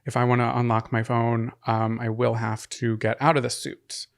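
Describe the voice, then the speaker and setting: A man's voice: medium pitch, flat delivery, normal speed. A man co-hosting a podcast in playful, joking casual chat. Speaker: podcast co-host.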